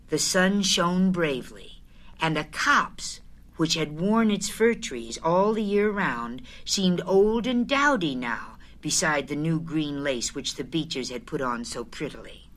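A woman narrating a storybook chapter aloud in an expressive, unhurried way. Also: lowish voice.

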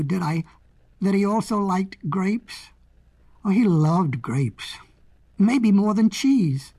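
Breathy woman telling fables. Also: medium pitch. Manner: playful, expressive. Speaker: storyteller. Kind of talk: storybook fable narration.

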